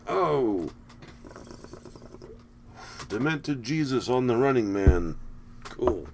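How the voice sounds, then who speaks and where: A man's voice: medium pitch, animated, drawn-out words, creaky, noisy background. A man talking casually over a film, rambling with wry, sarcastic asides. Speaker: movie commentator. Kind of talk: casual running movie commentary.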